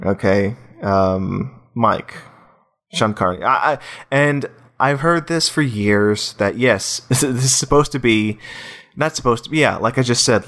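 A man hosts a relaxed film podcast at an ordinary, middle pitch. He wanders through his thoughts, doubles back and restarts sentences, and keeps his talk loose and conversational. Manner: rambling, full of restarts and "you know". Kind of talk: casual film-discussion chat.

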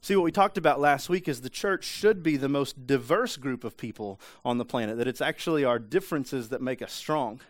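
A man's voice: medium pitch, brisk, hardly any pauses, dry recording, studio quality. A man preaching a sermon in a church, talking in a loose conversational way with frequent restarts and rhetorical questions. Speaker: pastor. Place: church sanctuary.

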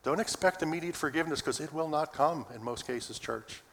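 Bright-voiced pastor in a reverberant church. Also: male voice, fairly high pitch, a little fast. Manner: folksy, earnest, addresses congregation. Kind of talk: sermon. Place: church sanctuary.

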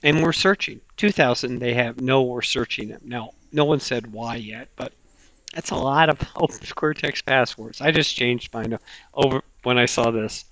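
A man's voice: medium pitch, normal speed, fairly bright tone, no echo. A man co-hosting a casual tech podcast, speaking in a chatty, playful way. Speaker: podcast co-host.

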